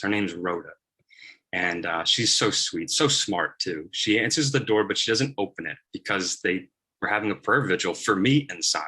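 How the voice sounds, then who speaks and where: A man's voice: on the low side, sharp tone, husky. A man preaching a first-person narrative sermon in a casual storytelling manner with many fillers.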